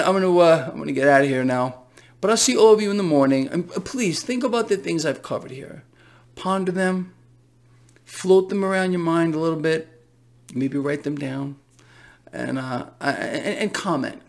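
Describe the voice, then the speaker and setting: A man's voice: fairly high pitch, moderate pace. A man hosting his own finance channel, ranting in a fervent, blunt, repetitive and profane way. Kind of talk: impassioned casual vlog rant.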